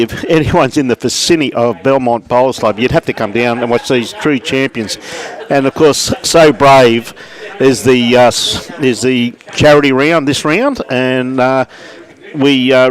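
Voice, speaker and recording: A man with an Australian accent giving relaxed live lawn bowls commentary indoors at a club, calling the play and greeting viewers by name. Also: medium pitch.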